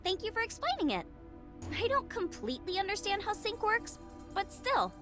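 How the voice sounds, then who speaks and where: A woman's voice: very high-pitched, sing-song, normal speed. An actress voicing a bubbly, curious young woman in a video game, with eager questions. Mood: grateful. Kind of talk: game voice acting. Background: game music.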